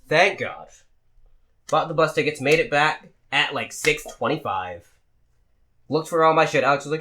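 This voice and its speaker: A man's voice: on the high side, normal speed. A man on a casual podcast, telling a travel story and acting out the voices of the people in it. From Massachusetts. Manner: animated, acts out voices in his stories. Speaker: podcast host.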